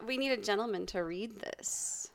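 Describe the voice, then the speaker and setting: A woman co-hosting a podcast in casual chat, encouraging and quick to laugh. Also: medium pitch, creaky. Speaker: podcast co-host.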